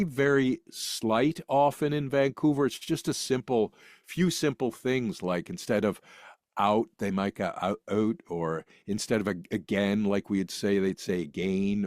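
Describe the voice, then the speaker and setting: A man's voice: mid-range voice, no echo. Rambling storytelling man, dry close sound. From United States. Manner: rambling and anecdotal, with many restarts. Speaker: guest actor. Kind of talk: casual interview storytelling.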